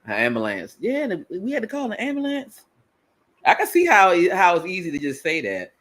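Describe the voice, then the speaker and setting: A woman's voice: lowish voice, wildly swooping pitch, fairly quick, a bit bright. A woman co-hosting a casual live chat, teasing and playfully repeating words. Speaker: livestream co-host.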